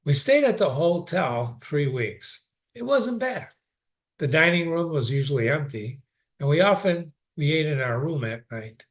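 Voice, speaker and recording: Male reader, slightly higher voice, easy pace, brief asides. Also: expressive. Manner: unhurried, adds brief asides. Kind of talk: reading a novel aloud.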